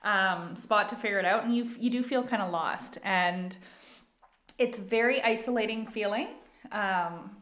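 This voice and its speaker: A woman co-hosting a casual podcast, a small business owner who explains things in an easygoing, measured way. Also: mid-range voice, a bit bright. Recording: echoey room.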